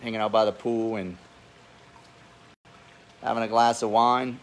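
His delivery is flat and measured, in a voice on the low side. The speaker, a real estate investor and host in his forties, offers candid, profanity-filled business advice during a laid-back poolside livestream and remarks that he has a funny accent.

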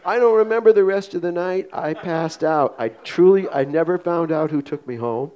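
An older man telling a comic anecdote on stage in a small theater, animated and acting out the voices. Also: on the high side, normal speed. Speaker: guest storyteller. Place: small museum theater before an audience.

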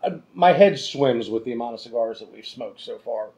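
A man's voice: medium pitch, animated, a little fast, darkish tone. A man co-hosting a whiskey and cigar review, chatting casually with dry, sarcastic humor. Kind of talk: casual chat.

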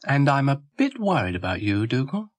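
A man voicing a kindly, sensible little girl, speaking in a gentle, coaxing way. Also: mid-range voice, sing-song, moderate pace, dry recording, voice pushed up.

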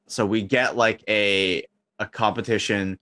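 Low-voiced man spitballing silly ideas. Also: steady tone, measured pace, bright, forceful tone, no room sound. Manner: rambling, many fillers, acts out quoted lines in a raised voice. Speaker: podcast co-host. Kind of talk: casual comedic chat.

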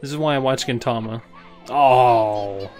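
Excitable reaction host, casual swearing and frequent laughter, middle-pitched voice. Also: normal speed, over music.

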